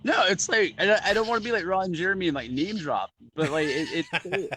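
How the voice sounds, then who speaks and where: A man chatting casually, telling animated stories full of "like" and "dude". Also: sits high, fairly quick, slight background noise, low-quality recording. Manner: animated storyteller, lots of "like" and "dude". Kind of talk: casual chat.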